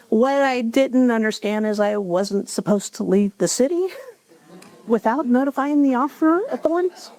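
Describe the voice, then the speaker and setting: A woman telling a personal story live at a cafe event, reflective, with measured pauses and wry asides. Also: fairly high pitch, darkish tone, no echo, rough recording.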